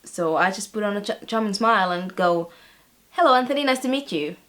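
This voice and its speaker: A woman's voice: mid-range voice, steady tone, a little fast, fairly bright tone, lightly acted. A young woman playing a chatty teenage girl tutor who recounts her week with wry amusement, with fillers along the way. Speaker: vlogger. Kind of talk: scripted vlog-style monologue.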